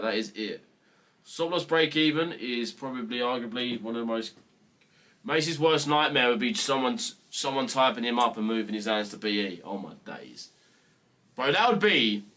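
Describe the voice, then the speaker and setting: On his live trading stream, a young man with a British English accent chats casually and directly with viewers. He delivers blunt, profane rants with a mock-serious edge. His mid-range voice stays bright and forceful the whole time.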